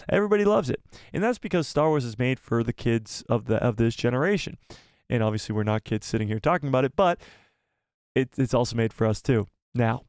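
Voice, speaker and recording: A man hosting a live stream, chatting casually and excitedly with his viewers and jumping between topics. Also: mid-range voice, clean tone, dry recording, studio quality.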